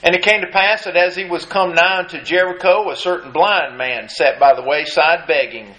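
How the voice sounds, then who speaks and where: A man's voice: sits high, moderate pace, pushed and bright. A male preacher giving an emphatic sermon and reading scripture aloud. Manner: emphatic, reads scripture in old-fashioned phrasing. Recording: echoey room.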